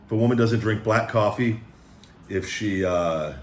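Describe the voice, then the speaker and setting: A man's voice: fairly low pitch, a little slow, roomy sound, a little hiss or hum. A man hosting a food review vlog at home, talking in a rambling, laid-back way and calling himself the big guy. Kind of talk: casual chat. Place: home room with pet dogs.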